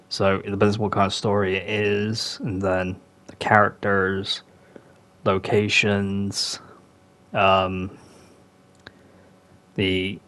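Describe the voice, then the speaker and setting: A young man hosting a podcast, chatting casually and rambling with many fillers. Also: on the low side. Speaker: podcast host.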